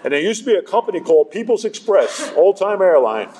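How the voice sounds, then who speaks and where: A man's voice: sits high, sing-song, fast, darkish tone. Man telling his recovery story, joking. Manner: conversational, self-deprecating humor. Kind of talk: storytelling talk to a live audience. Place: hall with a live audience.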